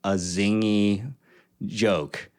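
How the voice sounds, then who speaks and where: A man in his thirties, co-hosting a podcast in casual chat, telling animated stories and laughing often. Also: fairly low pitch, drawn-out words. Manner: animated storyteller, laughs often, acts out quotes. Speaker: podcast co-host.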